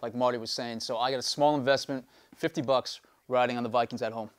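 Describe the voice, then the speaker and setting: A man reels off betting stats and confident picks on a casual football show. He talks fast, and his voice is smooth and clear. His pitch sits in the middle. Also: steady tone. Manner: brisk, confident, stat-heavy. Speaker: betting analyst. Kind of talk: casual sports betting chat.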